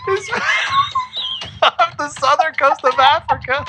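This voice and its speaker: A man's voice: extremely high pitch, huge pitch swings, takes it slowly, shouting, over music. A man co-hosting a casual podcast who laughs often and reads aloud eagerly. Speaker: podcast co-host.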